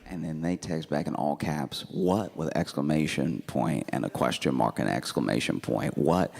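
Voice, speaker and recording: A man doing stand-up, telling a story in a deadpan, laid-back way with laughing asides. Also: rumbling low, moderate pace, creaky. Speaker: stand-up comedian.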